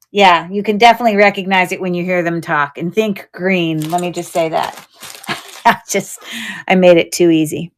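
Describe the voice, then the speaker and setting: A woman with a smooth, clear voice hosts a live jewelry sale at an unhurried pace. Her talk is chatty and wandering, and she thinks aloud about each piece. The delivery stays casual and easygoing. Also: lowish voice. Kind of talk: casual live-stream selling chat.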